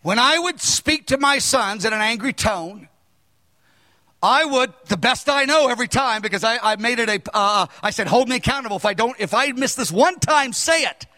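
A man in his sixties preaching a sermon, earnest and emphatic, now and then raising his voice to a shout. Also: very high voice, expressive, moderate pace, in a large hall.

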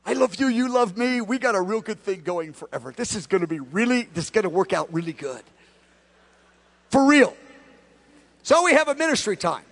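A man's voice: sits high, sing-song, fast, vocal fry, hardly any pauses. A male pastor telling a story in a sermon, animatedly acting out both sides of conversations. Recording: long hall reverb.

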